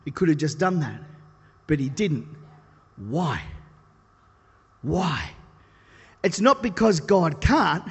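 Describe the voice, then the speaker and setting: A man preaching a sermon, telling stories in an animated, self-deprecating way. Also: high voice, unhurried, long pauses, slightly rough. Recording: long reverb of a large hall.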